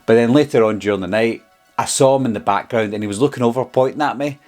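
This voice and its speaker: A man's voice: medium pitch, fast talker, a little mellow, faint music behind. A man with a Scottish accent, telling a story in a casual vlog in a chatty, rambling way with lots of ums and uhs. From Scotland. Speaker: horror YouTuber.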